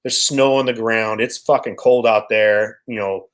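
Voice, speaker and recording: This laid-back guest from Washington State swears freely while spinning long, rambling stories in casual conversation. He speaks at a moderate pace in a low-ish, slightly bright voice with fairly even intonation, on a low-quality recording.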